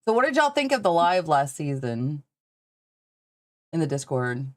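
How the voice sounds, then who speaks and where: Southern lady host, low voice, slow and loose, cusses a lot. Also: sing-song, dry recording. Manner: rambling, swears freely, laughs often. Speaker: podcast host. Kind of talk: casual livestream chat.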